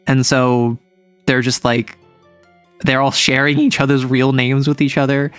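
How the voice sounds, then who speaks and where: A man's voice: mid-range voice, steady tone, slow, pauses often, fairly bright tone, smooth, no echo, soft background music. A man streaming as a game master, casually and animatedly retelling a tabletop game session in a rambling way.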